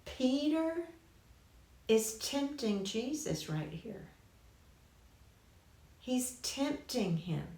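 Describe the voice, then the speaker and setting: A woman's voice: on the high side, very animated, drawn-out words, pauses often, mellow. A woman teaching a Bible lesson in a conversational way, restarting phrases and adding asides. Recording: roomy church classroom.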